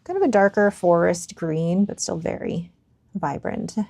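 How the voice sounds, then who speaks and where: A woman's voice: lowish voice, animated, measured pace, creaky, a little mellow, no echo. A young woman chatting casually as she reviews and swats fountain pen inks, musing aloud and sometimes dropping to a near whisper. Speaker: stationery vlogger. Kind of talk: casual ink swatch review.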